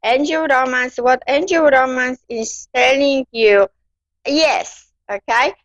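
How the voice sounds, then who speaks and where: A woman giving a gentle live-stream psychic reading, calling her listener darling. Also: high-pitched, takes it slowly, no echo. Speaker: psychic card reader. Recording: dull lo-fi dry sound.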